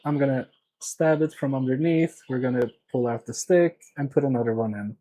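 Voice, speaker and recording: A man's voice: medium pitch, moderate pace, warm tone, poor audio. A man from Sweden chatting casually with his live chat while repairing electronics, often muttering to himself as he works.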